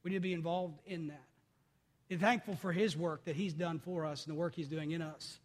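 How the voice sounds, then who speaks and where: A male pastor preaching a sermon, swinging from loud exclamations to quiet asides. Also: on the high side, fairly even intonation, fairly quick, long reverb tail.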